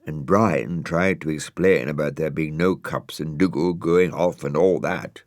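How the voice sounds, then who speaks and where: A man narrating a children's storybook in a gentle, wry manner. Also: a bass voice, measured pace, hardly any pauses, no room sound, studio quality.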